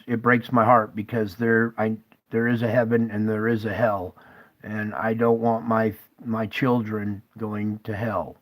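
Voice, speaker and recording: A man talks straight to his viewers in an urgent, emotional monologue. He sounds tearful at times, and his voice sits at an ordinary middle pitch for a man. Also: low-quality recording. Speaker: channel host.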